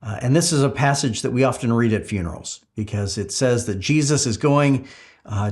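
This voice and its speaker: A middle-aged man preaching a sermon as pastor, telling stories with frequent "uh"s and restarts. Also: mid-range voice. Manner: storytelling, with frequent filler "uh"s and restarts.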